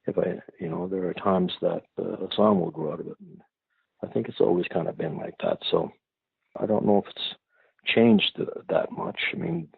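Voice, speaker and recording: A man from Prince Edward Island, Canada, giving thoughtful, unhurried interview answers as a singer-songwriter guest, searching for his words. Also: deep voice, animated, vocal fry, husky, dry recording. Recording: tinny phone-like line, dry.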